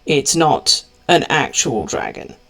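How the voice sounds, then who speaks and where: A game master voicing a pale, solemn gentleman. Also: medium pitch, animated, slow pace. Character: pale undead-looking gentleman host at table, solemn.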